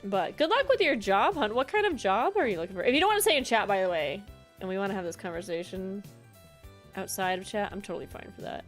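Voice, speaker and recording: A chatty woman streamer at a mid pitch who talks with her viewers as she plays, rambling and breaking into laughter. Game music plays faintly behind her. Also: expressive, quick pace. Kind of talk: casual gameplay chat.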